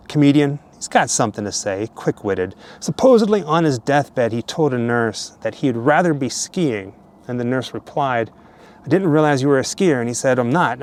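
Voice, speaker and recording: A man's voice: mid-range voice, normal speed. Man chatting casually at graves. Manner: relaxed, chatty, chuckling asides. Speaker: vlogger, host. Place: outdoor cemetery.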